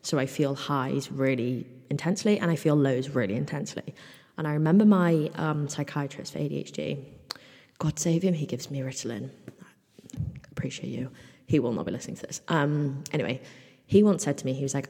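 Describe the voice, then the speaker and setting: Low-voiced woman rambling on her podcast. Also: fairly quick, dark tone, big-room sound. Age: mid-twenties. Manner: rambling and chatty, with lots of "like" and casual swearing. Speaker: podcast host. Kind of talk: casual solo podcast chat. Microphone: microphone, in front of a mirror.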